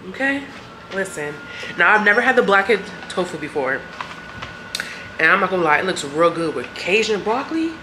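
A woman's voice: on the low side, big pitch swings, brisk, pauses often, echoey room, noisy background. A young woman vlogger, chatting playfully and directly to her viewers. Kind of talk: casual sponsored vlog chat.

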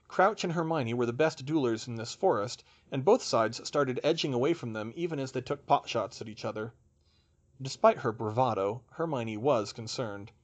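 A man reading a fantasy story aloud as its narrator, in an expressive style. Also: medium pitch, muffled recording. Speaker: audiobook narrator.

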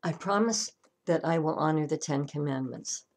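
A woman's voice: deep voice, moderate pace, darkish tone. A woman voicing a desperate middle-aged man who pleads and bargains with God. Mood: pleading.

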